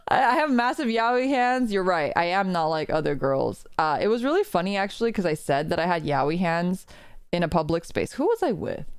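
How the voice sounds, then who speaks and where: A woman's voice: lowish voice, clear, resonant tone, no echo, studio quality. A woman streamer chatting casually and reading a visual novel aloud, telling stories with lots of giggles. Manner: giggly, animated storyteller.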